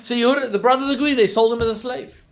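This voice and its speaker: A man, a rabbi giving a storytelling sermon who acts out the quotes with lively rises in pitch and volume. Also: fast, vocal fry.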